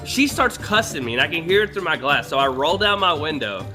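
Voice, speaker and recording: A man's voice: on the high side, very animated, a little fast, pushed and bright. Young man telling a profane story. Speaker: gaming channel host. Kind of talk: casual voice chat while gaming. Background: background music.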